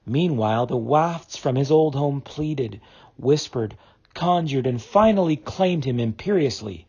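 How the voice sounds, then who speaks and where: Expressive husky male storyteller. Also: medium pitch, muffled recording. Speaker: audiobook narrator. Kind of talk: classic novel audiobook reading.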